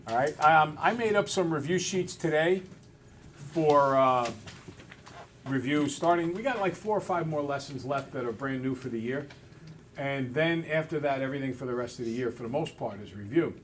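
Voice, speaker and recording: Relaxed male math teacher, slightly high voice. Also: slight background noise. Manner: relaxed, talks through steps aloud, self-deprecating. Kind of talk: classroom lesson. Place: school classroom with students.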